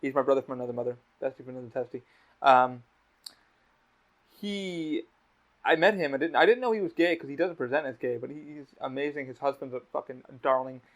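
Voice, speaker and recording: Fast-talking, blunt, swearing podcast host. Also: male voice, mid-range voice. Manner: blunt, heavy swearing, animated storytelling. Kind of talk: casual podcast chat. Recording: slightly dull lo-fi audio.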